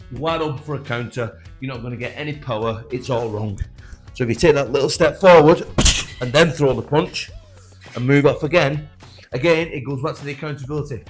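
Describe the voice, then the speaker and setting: Guy coaching boxing, straight-talking and encouraging, mid pitch, bit of music low behind. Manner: direct, encouraging, demonstrates as he talks. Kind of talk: instructional coaching talk.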